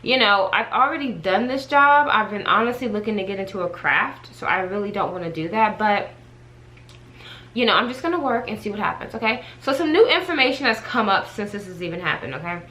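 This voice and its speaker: A woman vlogger chatting to her viewers in a casual storytime, animated and talkative as she addresses them directly. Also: mid-range voice, fairly quick, poor audio. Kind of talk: casual storytime chat to camera.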